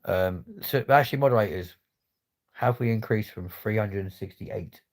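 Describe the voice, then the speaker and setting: A man's voice: fairly low pitch, moderate pace. A man chatting casually on a livestream, swearing freely in laddish banter. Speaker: livestream host.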